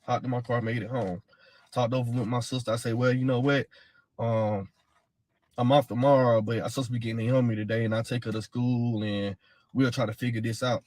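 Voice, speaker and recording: A man telling his own account in a blunt, heated way, swearing and repeating himself. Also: mid-range voice. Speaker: father of a missing woman's child. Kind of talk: casual first-person account.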